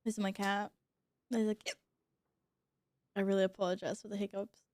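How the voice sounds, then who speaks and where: A woman's voice: medium pitch, level tone, moderate pace, a little mellow, no room sound, clean studio sound. A woman streamer with the hiccups, chatting casually while gaming, giggly, flustered and swearing now and then. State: has the hiccups.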